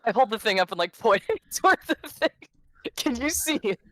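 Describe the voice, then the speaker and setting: A woman's voice: on the high side, animated, normal speed, no room sound. A woman playing a tabletop game, chatty and hesitant, often correcting herself. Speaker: player. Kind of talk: casual tabletop play.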